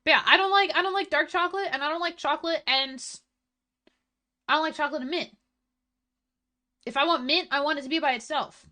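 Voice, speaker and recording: Bright-voiced young woman streamer. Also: high-pitched, brisk, pauses often. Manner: chatty, swears a lot, blunt opinions. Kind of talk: casual chat stream, reading chat.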